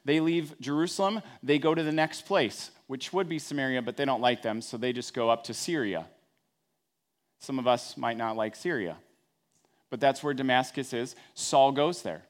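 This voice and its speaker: A man's voice: medium pitch, moderate pace. A man, a pastor, preaching a sermon in a conversational storytelling way with wry everyday asides.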